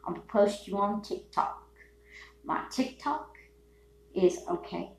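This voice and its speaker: A woman hosting a solo podcast, ranting in a rambling, profane way, dropping to mutters and then bursting into shouts. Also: mid-range voice, animated, normal speed. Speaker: podcast host. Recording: echoey room with faint hum.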